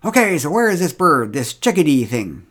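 A man doing a brash, bossy woman, loud and impatient. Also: a little high, sing-song, normal speed. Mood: brusque.

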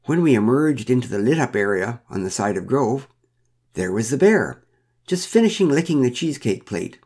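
A man's voice: medium pitch, sing-song, normal speed, a little mellow. A man reading a first-person story aloud with a wry, dryly humorous manner. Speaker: narrator.

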